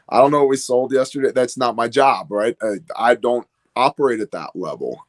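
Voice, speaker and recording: A man on a casual livestream talk, telling loose stories about his team with lots of quoted asides and fillers. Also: medium pitch. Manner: candid, rambling storyteller with quoted asides. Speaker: guest business owner.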